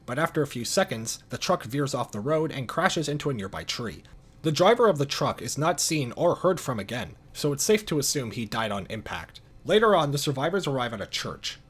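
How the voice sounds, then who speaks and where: A man narrating video game lore in a calm, dry scripted style with casual swearing. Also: medium pitch, brisk, breathy edge.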